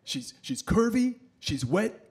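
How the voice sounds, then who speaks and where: Animated male stand-up comedian. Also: sits high, slow pace, husky. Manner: animated storytelling, acting out voices. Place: comedy stage with laughing audience.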